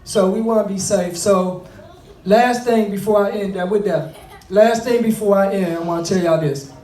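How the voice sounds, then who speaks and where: A man's voice: high-pitched, normal speed, darkish tone. Earnest man giving a fatherhood talk. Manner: earnest, conversational, repeats and restarts. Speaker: speaker on fatherhood. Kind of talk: motivational talk to an audience. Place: room with an audience. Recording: echoey room, mic at a distance.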